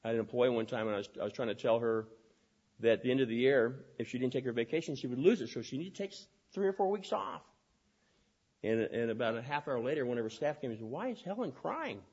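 Man, preacher, sermon, fast talker, restarts phrases, husky, dull recording. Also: medium pitch, a little mellow. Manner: fast-talking, with repeated restarts.

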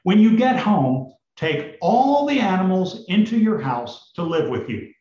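A man voicing a calm, kindly old village rabbi who speaks gently. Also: sits high, unhurried, voice pushed up. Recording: roomy, slightly dull recording.

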